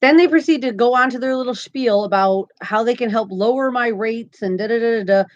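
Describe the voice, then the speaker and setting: A woman's voice: fairly high pitch, fairly quick, muffled recording. A woman hosting a crochet live stream, chatting casually and upbeat, often laughing as she talks. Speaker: crochet channel host.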